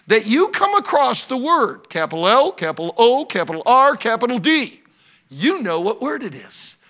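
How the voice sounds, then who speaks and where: A male pastor preaching and praying before a congregation, swinging between loud, insistent emphasis and hushed, intimate prayer. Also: high voice. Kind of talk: sermon with prayer. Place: church service.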